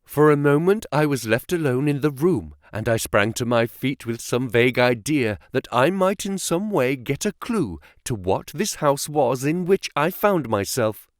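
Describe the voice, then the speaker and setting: A male audiobook narrator reading a classic detective story in a measured, dramatic way. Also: mid-range voice, expressive, dry recording, clean studio sound.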